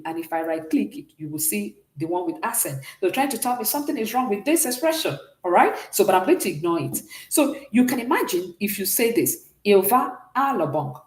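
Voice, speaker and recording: A woman's voice: mid-range voice, roomy sound. A woman teaching a beginners' French class online, explaining patiently and checking in often with the students.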